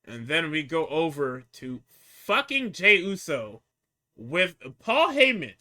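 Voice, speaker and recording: A man's voice: fairly high pitch, slow. A man co-hosting a podcast, telling a story in casual, profane chat and acting out what others said. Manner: animated, profane storytelling, acting out quotes, frequent laughter. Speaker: podcast co-host recapping wrestling.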